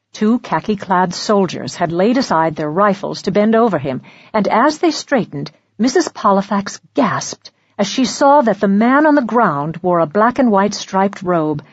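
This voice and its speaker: Breathy woman narrating a thriller. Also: medium pitch, no room sound, highs cut off. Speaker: audiobook narrator. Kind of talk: scripted narration.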